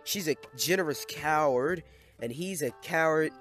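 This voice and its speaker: A man's voice: fairly high pitch, unhurried, over music. A young man giving casual, playful gameplay commentary, exclaiming at and scolding the little villagers in his game.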